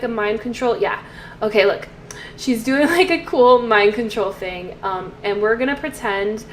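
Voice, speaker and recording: A woman's voice: medium pitch, a little hiss or hum. A woman giving casual commentary over a life-sim game, chatty and storytelling, with trailing fillers. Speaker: let's play host.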